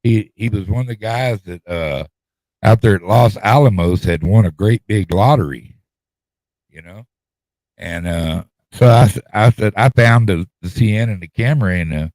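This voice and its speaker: The voice is low and a little mellow, captured in a dry recording. It belongs to a middle-aged podcast host telling a long, rambling story in a folksy drawl, repeating himself often in a casual chat.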